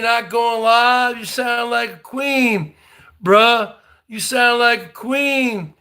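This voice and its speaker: A man doing a comic impression of a brash loudmouth who taunts a rival over and over in shouty bursts. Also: very high voice, heavily acted. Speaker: parody comedian. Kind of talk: comedic impression rant.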